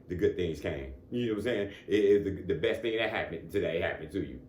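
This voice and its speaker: A man's voice: deep voice, lively intonation, fairly quick, darkish tone, slight background noise. A man giving a casual motivational talk. He speaks conversationally, keeps asking "you know what I'm saying," and chuckles between points. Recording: echoey room.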